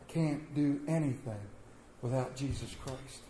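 A man preaching a sermon as pastor, swinging between loud emphatic bursts and quiet, soft-spoken asides. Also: mid-range voice, measured pace, a little hiss or hum. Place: church sanctuary with congregation. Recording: roomy church echo.

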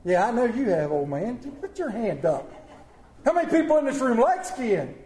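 A man preaching a sermon to a congregation, reading scripture slowly and with emphasis, then joking and asking the room questions. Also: very high-pitched, big pitch swings, warm tone. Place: church hall before a congregation. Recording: echoey room.

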